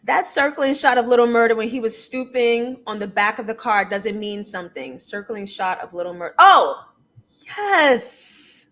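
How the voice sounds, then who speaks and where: A young adult woman hosting a live TV recap show, analysing an episode in an animated, emphatic way. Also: medium pitch. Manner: animated, emphatic, laughing and near tears at times. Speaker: TV recap host.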